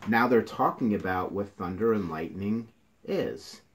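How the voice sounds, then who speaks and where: Low-voiced male teacher counting syllables. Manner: slow, counts syllables aloud, talks to students. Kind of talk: classroom lesson video. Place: indoors, near a passing train.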